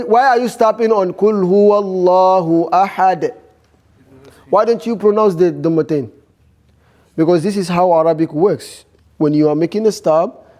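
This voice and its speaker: A man teaching a beginners' class, talking slowly and firing repeated questions at his students. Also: high-pitched, a little mellow. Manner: slow, repetitive, questioning students. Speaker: Arabic teacher.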